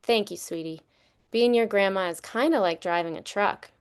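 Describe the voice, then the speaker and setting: A woman reading a children's book aloud, voicing a loving grandmother who speaks softly and calmly to her grandson. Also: medium pitch, normal speed, clear, resonant tone, close to an everyday voice. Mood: tender. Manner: soft, calm and reassuring. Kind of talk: storybook read-aloud.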